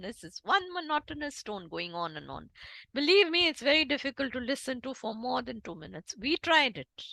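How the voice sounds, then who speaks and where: A woman with an Indian English accent lectures emphatically, her high voice bright and lively. The sound is dry and close, with no room echo. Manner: emphatic, animated lecturing with demonstrations. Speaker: guest speaker on interpreting. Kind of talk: online talk.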